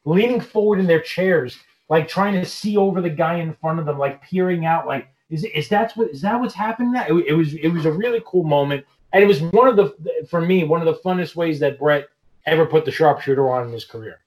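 A man with a slightly high voice, chatting casually. He draws out his story step by step and paints the scene for his listeners. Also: a little fast, a little mellow, poor audio. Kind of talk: casual chat.

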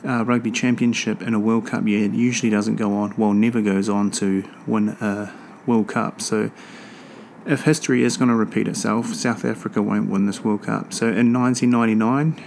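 A man's voice: lowish voice, fairly even intonation, moderate pace, creaky, darkish tone, a little hiss or hum. A man hosting a rugby podcast from home, talking in a rambling, offhand and profane way. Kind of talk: casual solo podcast chat. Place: home near an airport.

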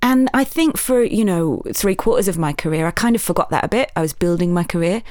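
Lower-voiced woman author, earnest and lively. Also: dry recording, clean studio sound. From Yorkshire, England. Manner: earnest and lively, with self-mocking asides and quick laughs. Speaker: author and journalist, interview guest. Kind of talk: conversational interview.

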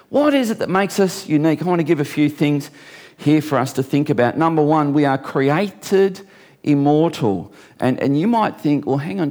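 A man's voice: on the high side, a little mellow. A middle-aged man, a pastor, preaching a sermon in a conversational way with wry asides and repeated key phrases.

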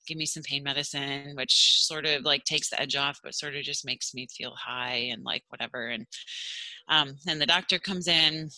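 A woman tells a personal story in a loose, rambling way, filling it with "like" and acting out the voices of other people. Her voice is very bright. The recording is dry and close, with no room sound. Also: very deep voice, steady tone, moderate pace, no room sound, low-quality recording. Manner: rambling, many fillers and "like"s, acts out quoted voices.

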